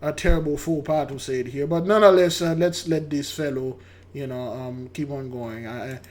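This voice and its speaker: A man's voice: medium pitch, steady tone, moderate pace, darkish tone. An older man hosting his channel, giving rambling casual commentary on a news clip, stammering and repeating his words. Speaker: channel host.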